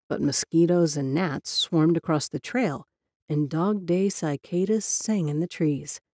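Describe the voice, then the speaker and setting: A woman reading a spooky story as narrator, with a measured, dramatic manner. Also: lowish voice. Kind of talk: scripted ghost story narration. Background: faint music.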